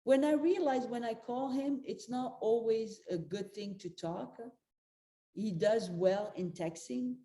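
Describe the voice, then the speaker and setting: An older woman, a spiritual life coach, gives an earnest, direct motivational talk, repeating her key advice to listeners. Her voice is a little high, unhurried and dark in tone, with a roomy echo.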